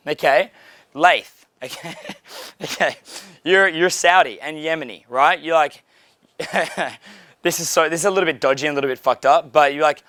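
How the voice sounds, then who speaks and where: A man's voice: fairly high pitch, moderate pace, bright, forceful tone, no room sound, studio quality. A young man coaching a small group in a casual way, blunt and profane, with frequent fillers. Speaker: dating coach.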